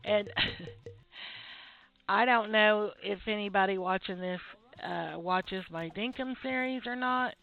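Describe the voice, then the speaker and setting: A gameplay video host talks slowly with vocal fry in a mid-range voice, sounding drowsy and laid-back as she builds up a shop. Her relaxed commentary has no room sound, though the audio is tinny and phone-like, with game music faintly audible.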